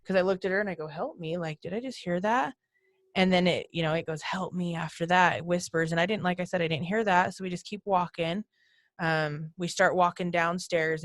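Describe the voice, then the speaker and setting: A woman's voice: deep voice, no room sound, studio quality. A woman guest on a podcast, telling her ghost hunting stories in a chatty way and mimicking voices from her recordings. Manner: chatty, retells events and mimics voices heard on tape. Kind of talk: casual podcast storytelling.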